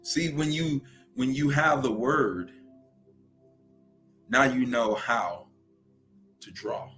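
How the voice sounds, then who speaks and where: A young man with a Louisiana Southern accent hosts a spiritual livestream, unhurried and preachy, often pausing to ask his viewers "right?". His pitch sits at an ordinary middle level while he stretches out his words. Soft music plays faintly behind him.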